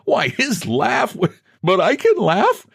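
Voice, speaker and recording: A smooth bank president talks down with easy condescension, as a man puts him on. His voice bounces, lively and a little raised. The sound is dry and close. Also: very high voice, slow pace, dry recording, pitched above the performer's own voice, heavily acted. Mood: patronizing. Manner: breezy, patronizing.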